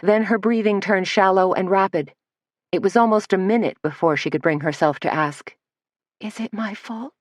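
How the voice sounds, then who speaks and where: A woman narrating a mystery audiobook in a steady, measured manner on a close studio mic. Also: mid-range voice, dry recording. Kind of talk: scripted narration.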